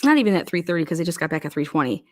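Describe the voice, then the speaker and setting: A woman's voice: on the low side, sing-song, very fast. A woman giving casual, profane true crime commentary, blunt and heated, firing off rhetorical questions.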